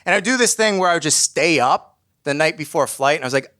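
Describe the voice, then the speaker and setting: A man telling a funny personal story on stage in a lively, self-deprecating way. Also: a little high, quick pace.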